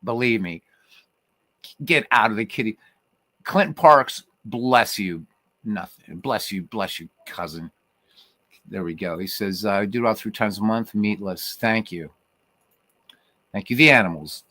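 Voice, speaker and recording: A man's voice: on the low side, unhurried, long pauses, pushed and bright, no echo. A man from Ireland hosting a casual livestream, rambling through viewer comments with fillers, restarts and swearing. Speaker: livestream host.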